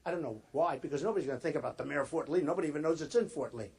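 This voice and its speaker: Husky-voiced man giving a rambling rally speech. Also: a little high, racing, a little mellow. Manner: rambling and repetitive, talking straight to the crowd. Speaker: political candidate addressing a rally. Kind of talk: off-the-cuff campaign rally speech.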